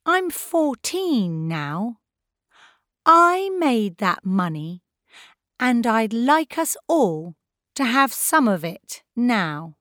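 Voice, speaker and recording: A woman's voice: a little high, very animated, extremely slow, a bit bright, no echo, clean studio sound, full character voice. A woman voicing a determined fourteen-year-old girl, earnest and pleading in a raised voice.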